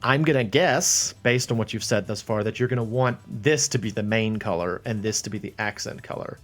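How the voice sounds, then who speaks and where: A man's voice: fairly low pitch, fairly quick. Rambling man chatting on a stream. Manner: rambling, thinks aloud, chuckles at himself. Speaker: livestream host painting a model. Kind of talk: casual live-stream chat with viewers. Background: faint background music.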